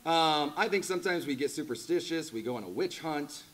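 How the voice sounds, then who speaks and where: A man preaching a sermon in a church, animated and conversational, rising to loud emphatic peaks. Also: a little high, brisk. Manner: conversational asides with laughter. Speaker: pastor.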